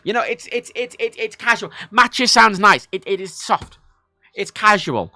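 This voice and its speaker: A man's voice: high voice, moderate pace, no room sound, studio quality, soft background music. A man from Ireland with an Irish accent, chatting casually and swearing freely while commenting on a game he plays on stream. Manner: animated, sweary, rambling. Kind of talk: casual livestream gameplay commentary.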